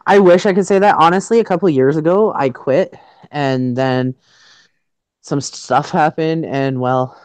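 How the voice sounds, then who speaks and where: A woman's voice: deep voice, measured pace, a little mellow, dry recording. Giggly shivering woman on a dry livestream. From Canada. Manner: giggly, self-mocking, joking. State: shivering cold, stuttering. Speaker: livestream host. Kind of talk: casual livestream chat. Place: outdoors in freezing winter weather.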